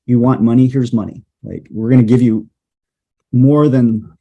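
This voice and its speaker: A man, a journalist guest, telling a story in a casual interview, lively and peppered with "like". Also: medium pitch, normal speed, creaky, muffled recording. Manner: lively storyteller, heavy use of "like". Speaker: guest, journalist and storm chaser.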